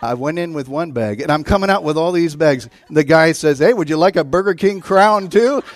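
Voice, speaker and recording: A middle-aged guest preacher delivers a sermon full of stories, his delivery swinging from hushed to loud and excited. His pitch is fairly high, his pace brisk, and there's no echo.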